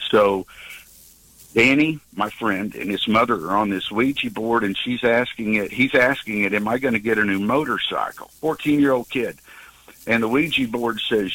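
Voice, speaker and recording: A man in his sixties calling in to a talk show and telling a personal story, halting with many fillers and restarts. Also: fairly low pitch, bright, forceful tone, low-quality recording. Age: 60s. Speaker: caller.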